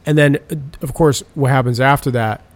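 A man's voice: mid-range voice, steady tone, a little fast, no room sound. A man in casual chat, animatedly retelling film scenes with lots of swearing and filler. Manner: profane, rambling storytelling.

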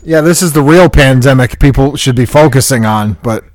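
A man co-hosting a casual podcast, dropping deadpan, profane quips. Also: medium pitch, moderate pace, dry recording. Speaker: podcast co-host. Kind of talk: casual banter.

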